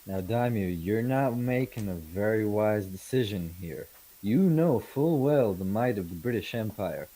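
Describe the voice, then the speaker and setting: A man's voice: on the low side, expressive, a little slow, mellow, rough recording. A man voicing a bold merchant in a tabletop role-play game, speaking in a formal, persuasive way. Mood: threatening. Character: bold male British merchant, persuasive and bluffing.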